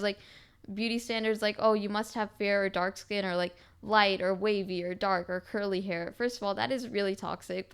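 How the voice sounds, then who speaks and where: A teenage girl hosting her own podcast, ranting to her viewers in a casual, animated way and filling her talk with "like". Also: mid-range voice, smooth. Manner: animated, heavy use of "like" fillers. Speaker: podcast host.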